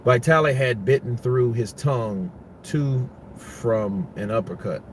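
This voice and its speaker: A man's voice: mid-range voice, a little slow, slight background noise. A man giving casual, rambling boxing commentary, full of profanity and restarts.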